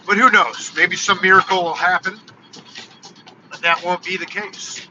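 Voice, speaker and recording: A man in his forties talking casually in a live vlog from his car, telling stories in an animated, ranting way. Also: high-pitched, a little slow, pauses often. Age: 40s. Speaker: vlogger. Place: in a car on the road. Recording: dull lo-fi car recording with music. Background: techno music playing.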